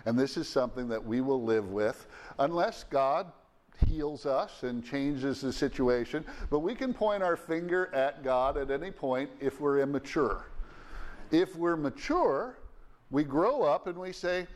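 A man's voice: on the high side, lively intonation, unhurried. A middle-aged or older man preaching a sermon in an earnest manner, with fillers and restarts, his voice rising to stress key phrases.

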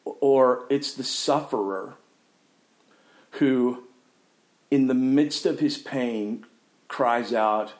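A man's voice: mid-range voice, steady tone, very slow, pauses often, poor audio. An older man preaching a sermon in an earnest, reflective way.

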